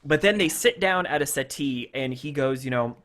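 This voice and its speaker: A man co-hosting a podcast, chatting casually and retelling scenes with lively acted-out quotes. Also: mid-range voice, moderate pace. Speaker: podcast co-host. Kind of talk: casual chat.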